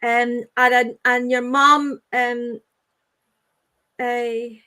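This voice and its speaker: High-pitched woman medium, gentle and halting, reassuring tone. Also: little pitch movement, clean tone. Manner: halting, repeats phrases, soothing with "okay, sweetheart". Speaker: medium giving readings. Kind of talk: live online spirit reading.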